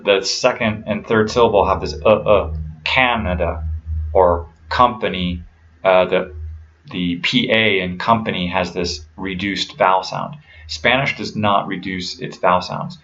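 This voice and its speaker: A man teaching pronunciation rules patiently and methodically, slowing down to model each word. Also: fairly low pitch, fairly bright tone, muffled recording. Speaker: language teacher.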